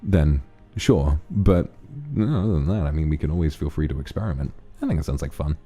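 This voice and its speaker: A male streamer chatting loosely with his audience and thanking supporters as he goes. His voice sits very low, with quiet background music playing under it. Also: a little fast, hardly any pauses, breathy edge. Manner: relaxed, rambling, thanks donors. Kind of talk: casual stream chat reading donations.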